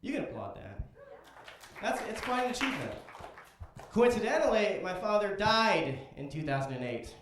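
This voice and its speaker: A man doing a stand-up set at an open mic, telling dark jokes in a dry way. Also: sits high, sing-song, normal speed. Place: comedy club stage. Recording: very echoey club with faint noise.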